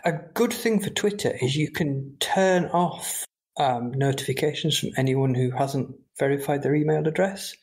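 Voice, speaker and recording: A man's voice: on the high side, moderate pace, a little mellow. A middle-aged man hosting a podcast, chatting casually in a self-deprecating way. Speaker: podcast host. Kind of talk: casual chat.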